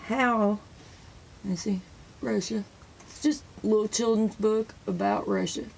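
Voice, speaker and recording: Gravelly-voiced woman rambling excitedly. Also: mid-range voice, measured pace, slight background noise, rough recording. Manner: excitable, rambling, points at pictures in books; sprinkles praise phrases into talk. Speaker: religious video host. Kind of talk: casual show-and-tell talk to camera.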